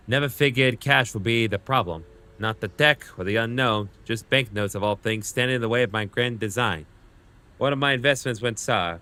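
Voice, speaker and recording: A man reading aloud as a scheming male inventor who writes a grandiose, gruff journal. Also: mid-range voice, bright, forceful tone, pitched above the performer's own voice, natural voice.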